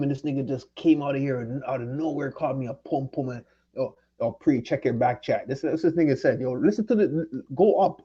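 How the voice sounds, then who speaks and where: A man's voice: mid-range voice, mellow, slightly rough, highs cut off. A man from Jamaica ranting angrily and profanely at someone during his livestream. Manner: angry, profane, confrontational. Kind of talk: heated livestream rant.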